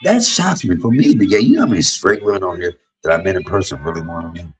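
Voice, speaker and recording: A man in his fifties talks straight to his livestream viewers in a candid monologue. His voice sits very low with a husky edge, yet his pitch rises and falls in lively swings. He tells his stories bluntly and swears freely. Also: fast talker, faint music behind, poor audio. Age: 50s. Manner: blunt, profane storytelling. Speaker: livestream host.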